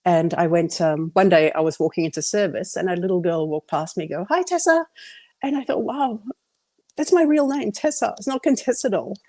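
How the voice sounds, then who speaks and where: A woman's voice: on the low side, fairly quick, warm tone, dry recording. A middle-aged woman, sharing her personal faith testimony in an earnest, candid way.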